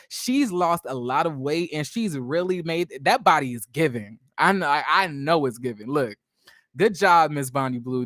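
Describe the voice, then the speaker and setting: A man's voice: a little high, no echo, clean studio sound. Sassy, chatty man recapping reality TV. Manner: chatty, animated, drifts into asides to viewers; sassy, slangy, addresses viewers as y'all. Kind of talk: casual recap and commentary.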